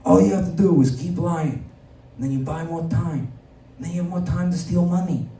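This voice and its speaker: A man doing an impression of a scheming older president who talks like a mob boss, in a slow, low conspiratorial drawl. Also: dark tone, close to an everyday voice. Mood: smug. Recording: echoey room, mic far off.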